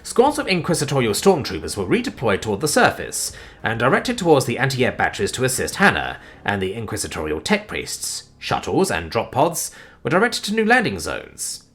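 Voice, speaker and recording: A man narrating a sci-fi war story in an animated, expressive way, with sudden swings in pitch and loudness. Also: a little fast, faint music behind.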